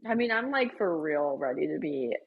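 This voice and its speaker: Husky, chatty young woman. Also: low voice, moderate pace, highs cut off. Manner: chatty, animated, over-explaining. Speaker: podcast co-host. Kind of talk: casual chat.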